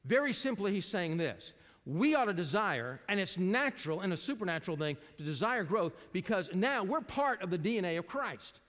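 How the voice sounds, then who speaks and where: Older man, pastor, folksy sermon, high voice, long hall reverb, church sanctuary. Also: very animated, normal speed, a bit bright. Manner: folksy preacher, asks the congregation questions.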